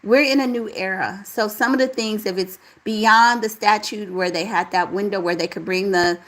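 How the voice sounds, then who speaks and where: Woman host, casual live chat, reads comments aloud, mid pitch, conversational. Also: fairly even intonation, normal speed, fairly bright tone, low-quality recording. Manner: chatty, reads viewer comments aloud and answers them. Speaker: livestream host reading chat.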